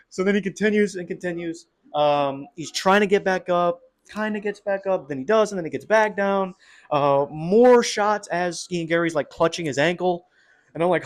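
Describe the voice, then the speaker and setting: A young man giving a casual, excitable fight breakdown, full of slang and swearing. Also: high-pitched, normal speed. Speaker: MMA commentator.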